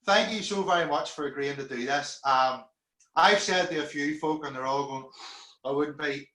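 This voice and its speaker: A man with a Northern Irish accent hosting a casual interview over a video call, chatty and quick to laugh. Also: on the high side, sharp tone. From Northern Ireland. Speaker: interviewer host. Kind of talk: casual online interview chat. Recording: echoey room.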